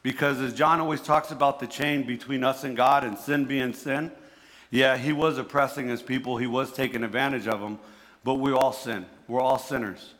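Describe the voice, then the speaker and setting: A man's voice: mid-range voice, fairly even intonation, normal speed, a bit bright, big-room sound. A man with a New Jersey accent giving a conversational sermon, often restarting words and repeating himself. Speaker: preacher.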